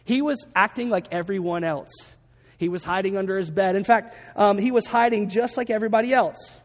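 This pastor's sermon is a story he acts out, voicing the people involved. His voice sits high and moves a little fast, and the room adds a long reverb.

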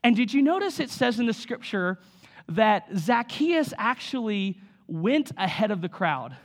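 High-voiced man preaching conversationally. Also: very animated. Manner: conversational, acts out voices with quick asides. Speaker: pastor. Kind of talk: sermon.

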